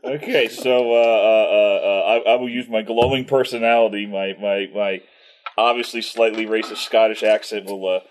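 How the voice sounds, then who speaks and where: A man's voice: fairly low pitch, steady tone, moderate pace, slight background noise. A man playing a tabletop role-playing game in casual chat, hesitant and full of fillers. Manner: hesitant, many "uh" fillers, laughs a lot.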